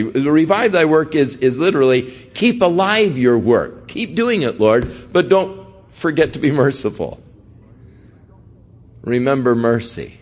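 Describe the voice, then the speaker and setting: A man's voice: medium pitch, sing-song, moderate pace. An older man preaching a conversational sermon, acting out the voices of people praying as he quotes them. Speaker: pastor.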